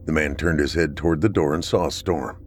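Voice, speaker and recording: A man narrating a dark story in a steady, measured reading. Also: a bass voice, a little hiss or hum.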